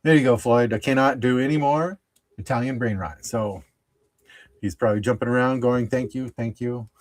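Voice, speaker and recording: A middle-aged man hosting a sports card show, chatting casually while opening packs, chuckling often and trailing off into fillers. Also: medium pitch. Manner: chuckles often, easily amused; halting, lots of fillers and restarts. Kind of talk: casual pack-opening chat.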